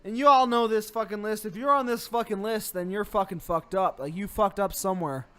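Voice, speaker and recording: Young male co-host, very high voice, furious profane rants, comic delivery. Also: a little fast, pushed and bright, clean tone. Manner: angry ranting, heavy swearing. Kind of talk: profane comedic rant.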